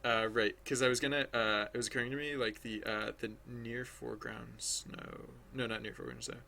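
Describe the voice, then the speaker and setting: A man's voice: medium pitch, steady tone, brisk, gravelly, sharp tone, slight background noise. A man thinking aloud as he draws on a livestream, rambling and hesitant, full of restarts, chatting with viewers. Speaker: livestreaming digital artist.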